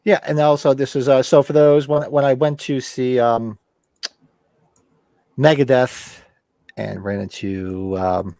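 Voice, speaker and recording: A middle-aged man hosting a casual chat, telling animated stories and acting out quotes. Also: mid-range voice, a little slow, pauses often, no echo. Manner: animated anecdotes with acted-out quotes. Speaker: host.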